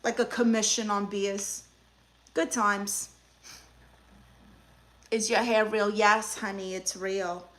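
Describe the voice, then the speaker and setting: Sassy bright-voiced Brooklyn woman. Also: mid-range voice, little pitch movement, slow pace, long pauses. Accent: Brooklyn New York. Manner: sassy, teasing, flirtatious. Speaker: livestream host playing an aunt therapist. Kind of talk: live stream chat reading.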